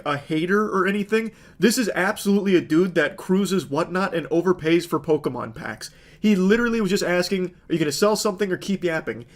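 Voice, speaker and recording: Sarcastic man reacting to clips. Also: high voice. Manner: sarcastic, incredulous. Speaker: commentator. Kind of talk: comedic reaction commentary.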